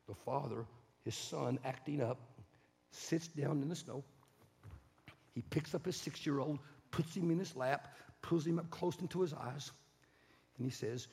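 A man with a raspy, gravelly voice delivers a sermon as a story. He swings between loud bursts and hushed passages, pitched slightly high. A long hall reverb hangs on every word. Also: unhurried, long pauses.

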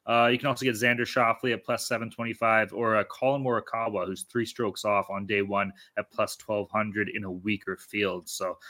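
A man's voice: on the low side, flat delivery, fairly quick, hardly any pauses, sharp tone. A man hosting a podcast in casual sports betting chat, loose, profane and hyped-up. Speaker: podcast host.

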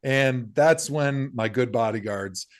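A man's voice: mid-range voice, slow. A man co-hosting a podcast, telling stories in casual chat and swinging his voice up to act out quoted lines. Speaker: podcast co-host. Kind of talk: casual storytelling.

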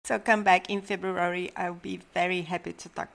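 A woman hosting a podcast, speaking in a measured, deliberate way. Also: on the low side, level tone, vocal fry, a bit bright. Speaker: podcast host. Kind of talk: scripted podcast outro.

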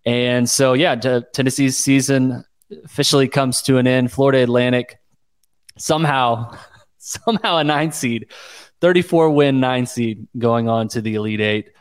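A man from Oklahoma co-hosting a sports podcast, recapping games in a relaxed, easygoing way. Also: medium pitch, moderate pace, clean tone. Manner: relaxed, easygoing analysis with fillers. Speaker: podcast co-host.

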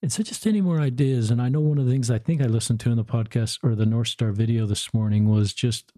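A man's voice: mid-range voice, fast, mellow, dry recording, clean studio sound. A man interviewing a guest, asking thoughtful, hesitant questions. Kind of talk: conversational interview.

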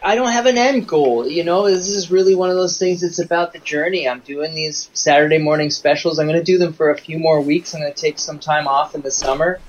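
Slightly high man over dull call audio. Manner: rambling, halting storyteller with restarts. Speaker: children's performer guest. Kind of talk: casual interview chat. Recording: dull remote call audio with faint noise.

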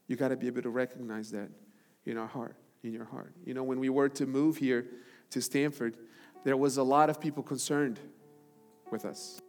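A man preaching a sermon as pastor, swinging from loud, high-pitched calls to hushed, low passages. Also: fairly even intonation, normal speed. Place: church sanctuary. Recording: large hall with long reverb and music.

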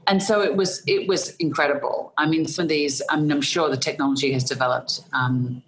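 A woman's voice: sits low, steady tone, a little fast, a little hiss or hum. A middle-aged Australian woman, an actress in an interview, telling anecdotes with frequent laughter and fillers. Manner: laughs often while telling stories, hesitant fillers.

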